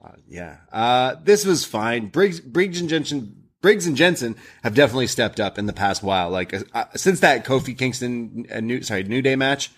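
A man's voice: medium pitch, lively intonation, normal speed. A man co-hosting a casual wrestling recap show, retelling scenes and quoting the wrestlers. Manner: retells scenes with quoted voices. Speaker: wrestling podcast co-host.

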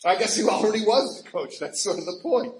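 A man with a high voice tells a story with lively energy and frequent laughter. He jumps sharply up in pitch whenever he acts out what someone said. The recording has a roomy echo and a faint hum of ambience. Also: brisk. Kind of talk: animated storytelling talk.

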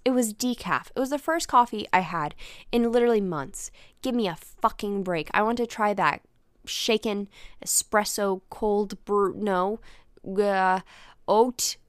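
A woman's voice: mid-range voice, smooth, dry recording, studio quality. A young woman hosting a casual solo podcast, telling stories in a rambling, self-deprecating way and swearing casually. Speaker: podcast host.

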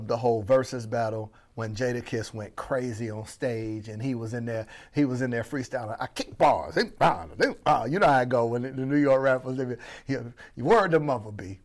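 A man from Florida coaching on business, talking to the audience as family with a playful, animated delivery. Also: medium pitch. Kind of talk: energetic motivational teaching.

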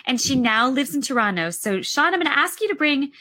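A woman's voice: sits high, expressive, fairly quick, bright, forceful tone. A woman co-host in a casual chat, bubbly and upbeat as she brings guests on.

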